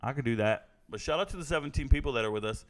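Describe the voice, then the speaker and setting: A man's voice: medium pitch, animated, very fast. A man reacting live to fight night in casual stream chat, joking, rambling and reading viewer comments aloud.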